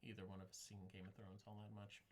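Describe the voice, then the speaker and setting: A man co-hosting a casual film talk show, chatty and quick with short agreements. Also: lowish voice, monotone. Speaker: podcast co-host.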